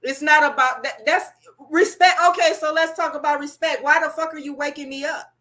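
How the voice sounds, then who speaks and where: A woman co-hosting a talk show, arguing back bluntly in casual debate. Her voice is high and bright, with a sharp edge. She talks sassy and swears without a pause. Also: fairly even intonation. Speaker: podcast co-host.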